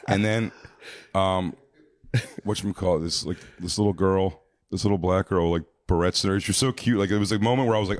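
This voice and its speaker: A man's voice: low voice, fast talker. A man guesting on a podcast, telling crude, rambling anecdotes in casual chat with lots of restarts. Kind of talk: casual storytelling.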